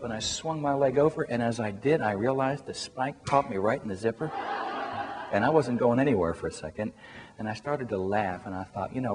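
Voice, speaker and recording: A man working as a career coach, telling a lively personal anecdote and chuckling through it. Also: on the high side, big-room sound. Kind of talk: motivational storytelling talk.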